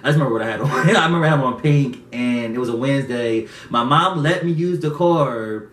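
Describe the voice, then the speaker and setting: A man's voice: medium pitch, brisk. A man casually telling stories to a friend, giggling as he goes. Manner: lively, giggly storytelling. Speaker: vlogger co-host. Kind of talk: casual chat. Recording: echoey room, distant mic, faint hiss.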